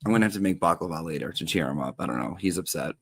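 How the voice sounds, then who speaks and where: Man, low voice, chatty comic teacher persona, gossipy and theatrical, dry close sound. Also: lively intonation, rapid-fire, gravelly, dry recording. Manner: chatty, gossipy, swears casually. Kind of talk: gossipy livestream monologue.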